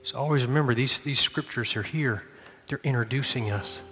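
A middle-aged man pastor preaching a sermon, telling a lively personal story with shouted bursts and then easing into quiet prayer. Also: mid-range voice, moderate pace, hardly any pauses. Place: church sanctuary. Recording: long hall reverb with faint music.

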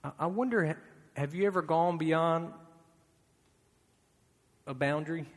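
A man's voice: a little high, measured pace. A man preaching a sermon in a conversational way, firing off rhetorical questions and repeating key phrases. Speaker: pastor. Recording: long hall reverb.

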